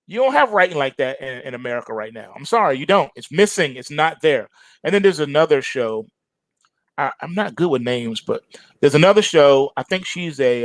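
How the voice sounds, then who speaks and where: A man's voice: fairly high pitch, clear, resonant tone, no echo. A middle-aged man hosting a trading show, rambling casually and animatedly, full of fillers and chuckles.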